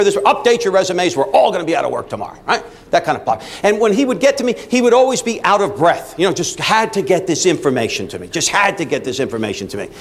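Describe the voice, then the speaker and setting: Animated man giving a comic speech. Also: high-pitched. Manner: animated storytelling with voiced characters and audience asides. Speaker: motivational speaker. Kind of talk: humorous keynote speech to an audience.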